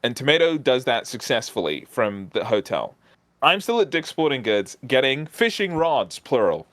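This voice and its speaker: A man's voice: medium pitch, normal speed, no echo. A man casually telling a long story on a stream, animatedly acting out the people he met. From outside the United States. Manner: animated, acts out other people's voices in anecdotes. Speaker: guest.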